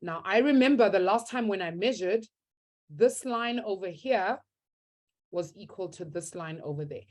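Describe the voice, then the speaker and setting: A woman's voice: mid-range voice, expressive, normal speed, a little mellow. A young woman teaching a live online maths class, upbeat and encouraging as she reads out students' answers from the chat.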